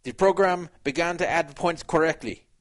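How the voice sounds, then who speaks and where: A man's voice: a little high, normal speed, close to an everyday voice. A man voicing a Russian male poker player, reading out his forum post in a Russian accent with stilted, broken English. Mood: indignant.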